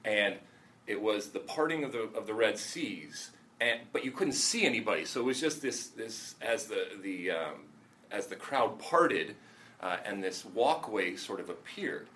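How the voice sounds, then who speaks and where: A former soccer player telling a story in casual chat, halting with fillers and restarts. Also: male voice, lowish voice, animated, pushed and bright, a little hiss or hum. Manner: rambling, halting anecdotes with many fillers and restarts.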